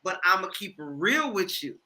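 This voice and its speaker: A woman's voice: mid-range voice, big pitch swings, normal speed, bright, forceful tone. A woman co-hosting a casual live review, giving blunt, candid, slangy opinions on a TV episode. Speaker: TV review co-host.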